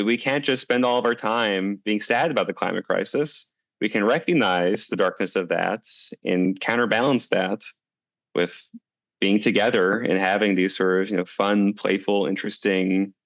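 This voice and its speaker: A man with a low voice answers interview questions in a calm, reflective way and tells a parable at an unhurried storyteller's pace. The recording is dry and a little dull, with no room sound. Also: no room sound. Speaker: guest, climate coalition director.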